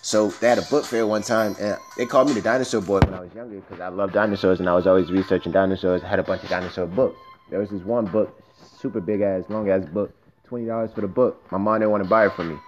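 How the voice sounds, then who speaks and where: Fast-talking, profane young man from Miami. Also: sits low, music in the background. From Miami, Florida, US. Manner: loose, profane, slangy, animated asides. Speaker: podcast host. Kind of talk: casual storytelling monologue. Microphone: phone recording.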